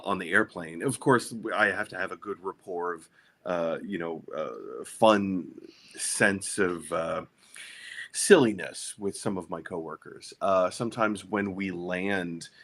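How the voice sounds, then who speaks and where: A man with a lowish but bright voice shares a work story in a relaxed conversation. He talks chattily, with lots of fillers and restarts. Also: takes it slowly. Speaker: guest, flight attendant. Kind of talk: casual storytelling chat.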